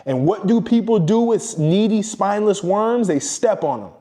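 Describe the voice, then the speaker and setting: A man's voice: high voice, animated, moderate pace, mellow. Blunt, profane male motivational coach. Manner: blunt, profane, emphatic lecturing. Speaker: self-improvement coach. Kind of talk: motivational monologue.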